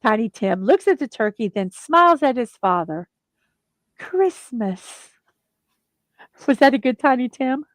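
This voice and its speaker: A middle-aged woman hosts a casual chat and retells a film's plot with animated energy. Her voice sits a bit high, and the recording is dry and close. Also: brisk, few pauses, no echo. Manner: chatty, animated retelling of a film. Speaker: host.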